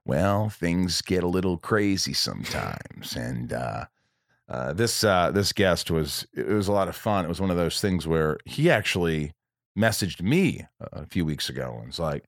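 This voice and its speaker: A man's voice: deep voice, sing-song, normal speed, gravelly, dry recording, clean studio sound. A man hosting a podcast from home in casual chat, rambling along with frequent restarts and self-corrections. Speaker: podcast host.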